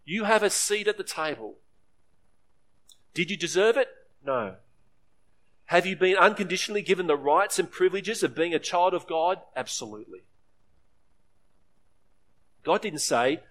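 The pastor's voice is expressive with a fairly bright tone, at normal speed with frequent pauses. He preaches earnestly and briefly acts out the story's voices, lifting his pitch on quoted lines.

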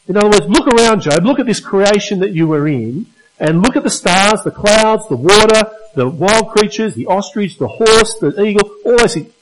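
Male preacher mid-sermon in a church service, slightly high-pitched, emphatic delivery with questions to the congregation. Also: animated, normal speed, rough recording.

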